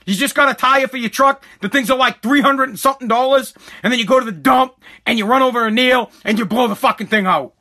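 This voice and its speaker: A man's voice: extremely high pitch, quick pace, sharp tone. A man who makes online content, ranting angrily to camera, repeating himself and swearing. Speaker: content creator. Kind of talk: angry rant to camera.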